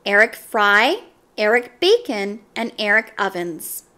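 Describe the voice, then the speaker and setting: A woman reading a children's chapter book aloud, with expressive, animated narration. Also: medium pitch, slow. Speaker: storybook reader.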